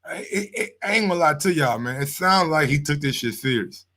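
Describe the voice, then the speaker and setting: A man runs a sports reaction live stream. His voice sits fairly high for a man. He talks loudly and excitably, swears freely and calls out to his viewers as if they were in the room with him. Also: brisk. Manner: excitable, loud and profane, talks straight to viewers. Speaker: sports channel host.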